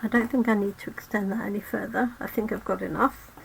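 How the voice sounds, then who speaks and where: A woman's voice: mid-range voice, steady tone, quick pace, creaky, a little hiss or hum, low-quality recording. A woman hosting a live card-making demo, losing her voice, chatting to viewers as she works. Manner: chatty, talks to viewers while working. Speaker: crafting channel host.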